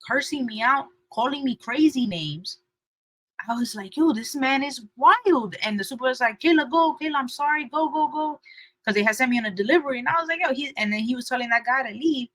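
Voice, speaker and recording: A young woman co-hosting a podcast, telling a story in animated casual chat and acting out the people she quotes. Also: brisk, no room sound, rough recording. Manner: lively, acts out quotes with shifting pitch and loudness. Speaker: podcast co-host.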